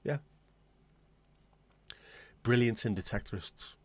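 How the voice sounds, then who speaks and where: An English man in his forties hosts a casual livestream chat, blunt and opinionated as he rambles through his asides. His voice sits at a middling pitch and is recorded close and dry, with no room sound around it. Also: takes it slowly, breathy edge, dry recording. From England. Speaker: livestream host.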